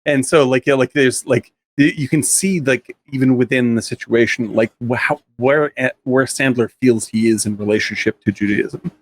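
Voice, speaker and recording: A man co-hosting a film podcast, talking in halting bursts full of "like" and restarts. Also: medium pitch. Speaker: podcast co-host. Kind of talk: casual film discussion.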